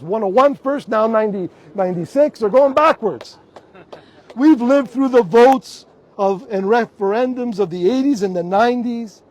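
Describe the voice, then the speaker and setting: A man's voice: high voice, darkish tone. A middle-aged man from Toronto with a Canadian English accent, giving an impassioned speech outdoors in front of a hospital and repeating rallying slogans. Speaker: rally speaker. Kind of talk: public protest speech.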